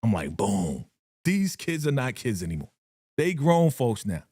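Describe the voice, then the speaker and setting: A man hosting a casual live reaction stream about a TV episode, talking in an animated, slangy way and laughing often. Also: mid-range voice, moderate pace, no echo, clean studio sound. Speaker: TV show reaction livestream host.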